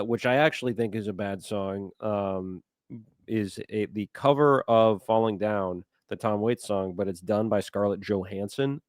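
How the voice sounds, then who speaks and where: A man's voice: fairly low pitch, clean tone, dry recording, clean studio sound. A man co-hosting a podcast, chatting casually with many fillers and restarts. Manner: rambling, hesitant, many fillers. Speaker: podcast co-host. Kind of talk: casual chat.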